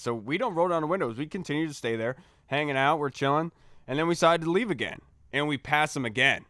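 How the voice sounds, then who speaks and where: Young guy podcaster telling a wild story, fairly high voice, smooth, dead dry sound. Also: fast, no room sound. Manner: animated, acts out quoted voices. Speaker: podcast co-host. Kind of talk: casual storytelling.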